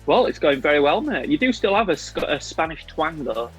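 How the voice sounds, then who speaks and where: A man's voice: fairly high pitch, very animated, fairly quick, a bit bright, soft background music, low-quality recording. A man hosting a football podcast over a video call, joking and laughing easily. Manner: jokey, playful, laughs easily. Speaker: podcast host. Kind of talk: casual football podcast chat.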